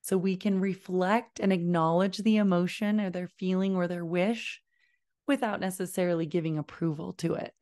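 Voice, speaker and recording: A woman giving a parenting lesson, talking in a calm, deliberate way and modeling slow, low phrases. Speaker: parenting educator. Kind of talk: instructional talk to camera.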